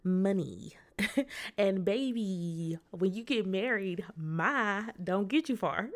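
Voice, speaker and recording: A woman's voice: mid-range voice, fairly bright tone. A woman, hosting a casual podcast, reading a story aloud, chatting and laughing often. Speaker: podcast host.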